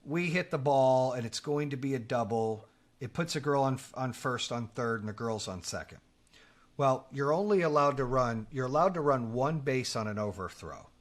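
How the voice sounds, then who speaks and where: A middle-aged man hosting a podcast, telling a story in a casual, animated way, swearing and acting out the lines he quotes. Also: mid-range voice. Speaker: podcast host.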